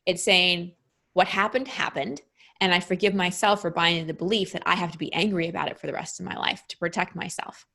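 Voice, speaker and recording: Woman, middle-aged, slightly low pitch, reflective, interview guest. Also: a bit bright. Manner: reflective, explanatory. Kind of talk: interview conversation.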